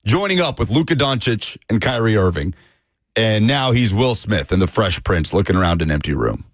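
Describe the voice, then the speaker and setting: A man co-hosting sports radio, firing off sardonic quips. His pitch leaps all over the place, and he sounds dry and close to the mic. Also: big pitch swings, normal speed, no echo. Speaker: radio co-host. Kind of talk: casual sports radio chat.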